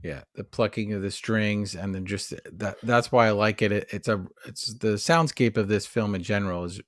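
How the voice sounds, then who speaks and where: A man's voice: on the low side, moderate pace, dry recording, studio quality. A man co-hosting a podcast, chatting casually about a movie in a rambling, analytical way. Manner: rambling, analytical, many fillers and restarts. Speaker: podcast co-host. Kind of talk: casual film discussion.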